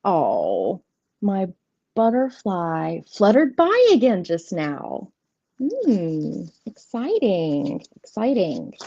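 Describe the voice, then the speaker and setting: A woman's voice: medium pitch, huge pitch swings, very slow, dark tone, breathy edge, dry recording. A woman, hosting a casual live tarot stream, chatty and giggly, rambling and greeting viewers by name. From southeastern United States. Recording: dull lo-fi stream audio, dry.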